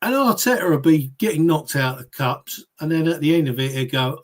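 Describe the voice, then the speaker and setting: A man's voice: fairly high pitch, expressive, brisk, few pauses. A man calling in to a fan chat, talking in a sarcastic, mocking, blokey way. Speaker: caller. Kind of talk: casual fan call-in chat.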